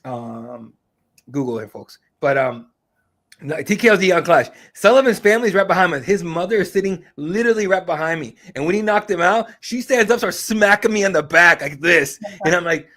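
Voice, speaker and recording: Rambling, slightly high-voiced man chatting. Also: expressive, moderate pace, a bit bright. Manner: rambling storyteller, swears, many fillers. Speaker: MMA reporter, guest. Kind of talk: casual podcast chat.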